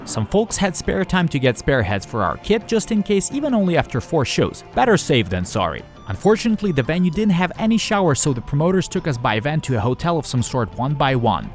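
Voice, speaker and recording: A young adult man narrating his touring vlog in a dry, matter-of-fact voice-over with wry humor. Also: fairly high pitch. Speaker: touring drummer and vlogger.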